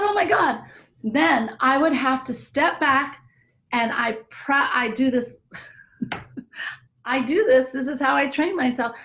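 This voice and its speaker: A woman leading an online discussion group, telling a personal story in an animated, laughing way. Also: sits high.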